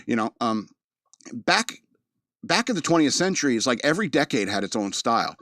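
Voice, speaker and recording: A man's voice: mid-range voice, sing-song, a little fast, fairly bright tone, no echo, clean studio sound. A man from the US East Coast with a mid-Atlantic American accent, hosting a podcast in a rambling, joking monologue. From East Coast of the United States. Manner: rambling, joking, laughs often. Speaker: podcast host. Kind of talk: casual monologue.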